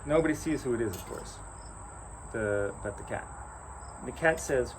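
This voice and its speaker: A man's voice: mid-range voice, normal speed, pauses often, slight background noise. A man telling an improvised folk tale in a loose, chatty way, with asides and restarts. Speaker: storyteller. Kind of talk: improvised oral storytelling. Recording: outdoor recording with loud crickets.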